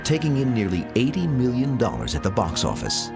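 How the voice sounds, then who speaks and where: A man reading scripted documentary narration in a measured, dramatic delivery. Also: mid-range voice, wildly swooping pitch, gravelly, over loud music.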